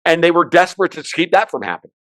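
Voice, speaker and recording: An American man with a high voice rants rapidly about politics and markets while guesting on a podcast, swearing liberally and erupting into sudden loud bursts. His pitch swings widely. The recording is dry and close, with no room sound.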